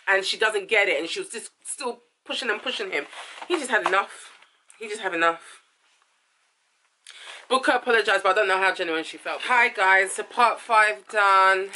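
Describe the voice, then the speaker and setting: Chatty, bright-voiced woman. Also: medium pitch, normal speed. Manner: chatty, rambling, self-correcting, says "it is what it is". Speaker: host reviewing a reality TV episode. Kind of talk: casual chat. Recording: faint background noise.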